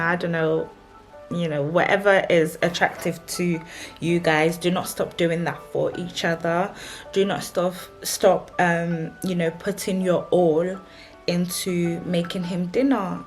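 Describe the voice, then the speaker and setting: A young woman, a married vlogger giving chatty, emphatic relationship advice and repeating her warnings. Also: on the low side. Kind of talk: casual advice talk to camera.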